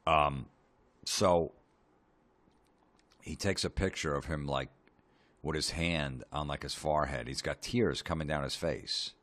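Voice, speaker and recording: A man hosting a comedy podcast, ranting sarcastically with lots of swearing and deadpan asides. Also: very deep voice, unhurried, long pauses.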